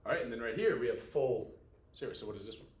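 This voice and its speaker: A man teaching a Latin class, talking to his students in a casual, animated way. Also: mid-range voice, fast, reverberant. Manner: casual and animated, talks to students as "dude" and "y'all". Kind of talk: classroom lecture.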